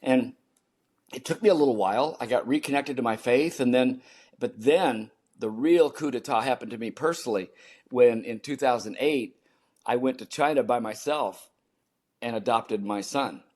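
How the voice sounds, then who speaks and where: A man's voice: medium pitch, normal speed, darkish tone. A man in his seventies, a podcast guest, earnestly telling a personal story and repeating key phrases for emphasis.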